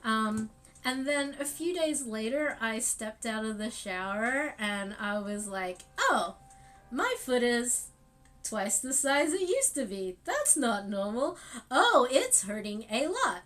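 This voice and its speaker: Chatty higher-voiced woman streamer. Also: animated, a little slow, fairly bright tone. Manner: rambling, filler-heavy storytelling with bursts of laughing. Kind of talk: casual livestream chat.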